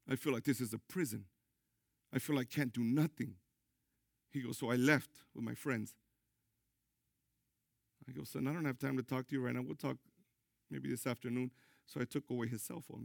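Gravelly, emphatic man preaching. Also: no room sound, clean studio sound. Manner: emphatic preaching with sudden loud high bursts. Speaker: pastor. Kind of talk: sermon.

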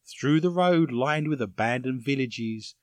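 A man's voice: medium pitch, a little slow, dry recording. A man hosting a comedy podcast, reading odd news stories with dry jokey asides. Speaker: podcast host.

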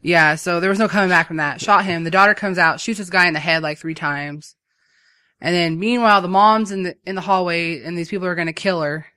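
A speaker in casual chat, retelling a movie's plot in a rambling, animated way with many fillers. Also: medium pitch, a little fast, clear, resonant tone, no room sound, studio quality. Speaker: movie recapper.

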